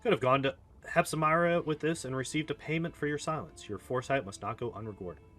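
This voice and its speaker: A man's voice: mid-range voice, fairly quick, fairly bright tone, natural voice. A man reading aloud as a haughty, scornful female demon queen in a video game, cold and mocking, with faint music behind. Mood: regal.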